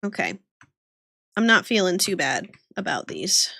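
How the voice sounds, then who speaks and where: A woman's voice: medium pitch, big pitch swings, measured pace, creaky, breathy edge, no echo, clean studio sound. A woman streamer chatting casually and giggling with her viewers while she draws. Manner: giggly, bubbly, greets chat warmly.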